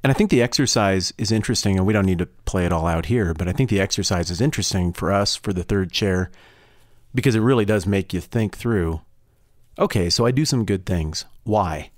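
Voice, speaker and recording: A man's voice: deep voice, quick pace, no echo. A man co-hosting a podcast, talking in a thoughtful, reflective way in casual chat into a close microphone. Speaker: podcast co-host.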